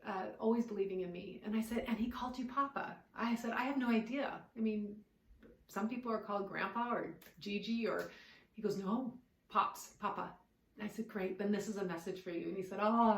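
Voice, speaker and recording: A woman who works as a healer and stretch therapist, telling a personal story in a soft, earnest way. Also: medium pitch, vocal fry, roomy sound, poor audio. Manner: soft-spoken, earnest, quotes others in her own voice.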